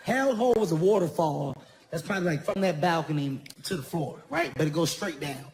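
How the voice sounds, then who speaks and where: A man doing stand-up comedy storytelling, animated and self-mocking, often laughing through his own lines. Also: high-pitched, fairly quick. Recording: live venue, audible ambient noise.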